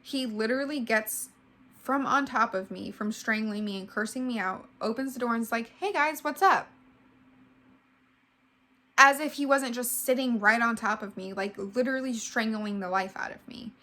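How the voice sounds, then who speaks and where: A woman's voice: fairly high pitch, moderate pace, pushed and bright. A woman in her twenties giving a casual storytime vlog, emotional and full of "like". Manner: heavy use of "like", emotional retelling. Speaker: vlogger.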